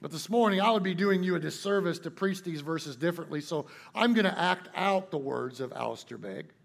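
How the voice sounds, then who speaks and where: A man preaching a sermon in a folksy, emphatic way, slowing down to stress key points. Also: on the high side, lively intonation, vocal fry. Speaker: pastor.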